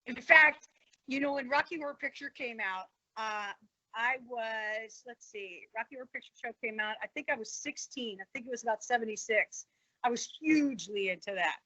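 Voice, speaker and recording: A woman in her sixties, a guest in a casual interview, who tells stories with animated delivery and acts out the voices of the people in them. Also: a little high, normal speed, no room sound, muffled recording. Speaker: guest, former wrestler and actress.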